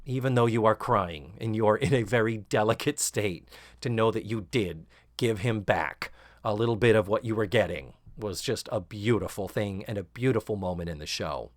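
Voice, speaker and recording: A man hosting a podcast, recapping a sitcom episode casually and sarcastically, acting out quoted lines in higher voices. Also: moderate pace, no room sound, studio quality. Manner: animated, sarcastic, acts out quotes with rising shrieks. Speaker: podcast host.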